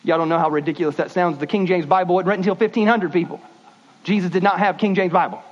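A man preaching a sermon, animated and folksy, shifting his pace suddenly. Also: high-pitched, quick pace. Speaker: pastor. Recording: dull lo-fi sound.

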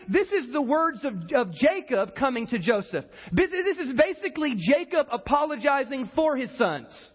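A pastor preaching a sermon in an animated way, acting out the people in his story as he goes. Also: extremely high pitch, moderate pace, muffled recording. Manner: animated preacher, acts out quoted voices.

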